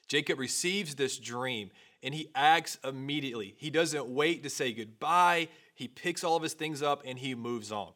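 A man's voice: mid-range voice, moderate pace, few pauses, sharp tone. A young man preaching a sermon, opening with a personal story in a casual, conversational way. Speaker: pastor.

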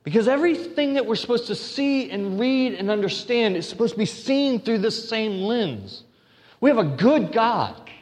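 Earnest male preacher in a reverberant hall. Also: sits high. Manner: earnest, with restarts and emphatic repetition. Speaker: pastor. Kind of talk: sermon.

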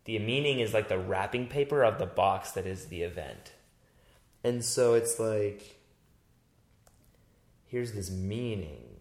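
A fairly low-voiced man chatting casually, rambling and animated as he works through ideas and relives his own reactions. His voice rings with noticeable room echo. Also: measured pace, long pauses. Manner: animated, rambling storyteller who acts out his own past thoughts. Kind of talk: casual chat. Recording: roomy echo.

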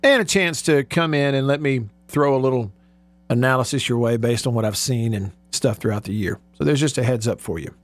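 A man hosting a casual sports radio show from a studio, chatty and quick to laugh. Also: mid-range voice, a bit bright, no echo. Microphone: studio microphone.

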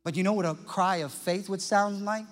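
High-voiced preacher in a reverberant hall. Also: male voice, moderate pace. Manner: impassioned, swings from loud to hushed for emphasis. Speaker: pastor. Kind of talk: sermon. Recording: long church-hall reverb with faint music.

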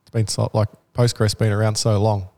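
A man with a mellow, relaxed voice talks through software choices with a colleague. He is easygoing and agreeable, with casual, nonstandard grammar. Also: fairly low pitch, moderate pace. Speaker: software developer. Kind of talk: casual chat.

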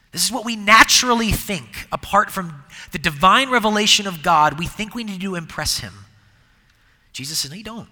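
A middle-aged man preaching a sermon, with a conversational, animated manner and many restarts. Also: fairly high pitch. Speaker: pastor. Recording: long hall reverb.

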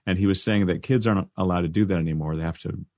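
Man, very low voice, dry, precise, wry host. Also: fast, a little mellow, no room sound, highs cut off. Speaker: podcast host. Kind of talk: casual chat and scripted narration.

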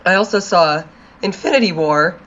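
Relaxed podcast host on a muffled mic. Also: medium pitch, moderate pace, slight background noise. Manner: relaxed, dry recapping with many fillers. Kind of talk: casual chat.

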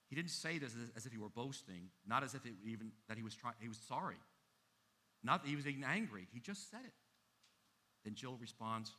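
A man preaching a sermon as pastor, emphatic, with big swings in loudness. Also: mid-range voice, a little fast.

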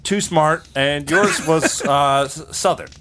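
A man's voice: a little high, takes it slowly, fairly bright tone. A man co-hosting a comedy podcast, chatting in a hesitant, self-deprecating way. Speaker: podcast co-host. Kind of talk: casual chat.

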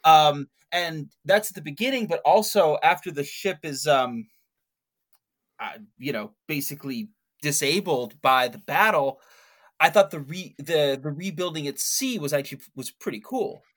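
A man on a casual movie podcast, speaking hesitantly with many pauses and ums. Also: fairly high pitch, fairly bright tone.

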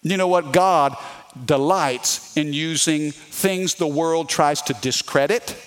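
Southern preacher with a Louisiana accent. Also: male voice, fairly high pitch, takes it slowly. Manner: emphatic preaching with call-and-response to the congregation. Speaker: pastor. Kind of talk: sermon.

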